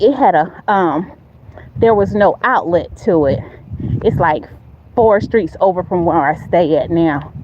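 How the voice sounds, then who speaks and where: A woman's voice: medium pitch, highs cut off. A woman giving a motivational faith talk on a walk, emphatic and repetitive like a preacher, recorded on a phone.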